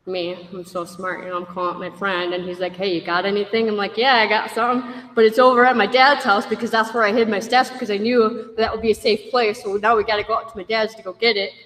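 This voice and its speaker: A woman shares her own story with a group in a candid, wry way, briefly taking on the voices of the people in it. Her voice sits at a middle pitch. The sound carries the long echo of a big hall. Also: flat delivery, fast talker, few pauses, fairly bright tone. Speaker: speaker sharing a recovery story. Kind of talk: personal testimony to a group. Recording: echoey hall.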